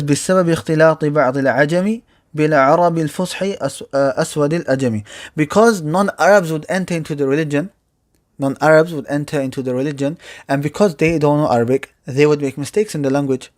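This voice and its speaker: Man teaching Arabic grammar, fairly high voice. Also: darkish tone. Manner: explains step by step, reciting Arabic verse quickly between English explanations. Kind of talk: classroom lecture.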